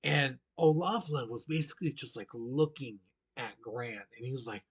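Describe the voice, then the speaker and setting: A man's voice: mid-range voice, normal speed, slightly rough. A man teaching a recorded history lesson in a casual, chatty way, full of "you know" and direct questions to his students.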